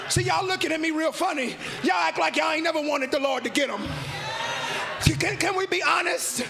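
Pastor, male. High-pitched, gravelly voice, whooping sermon delivery with music playing under it. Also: brisk. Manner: whooping, shouting and half-singing the sermon, talking to the congregation. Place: church sanctuary.

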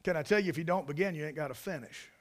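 Fairly high-pitched and rapid-fire, a man with a Carolina Southern accent preaches to a church congregation. His folksy sermon is drawling and full of stories, with emphatic asides along the way.

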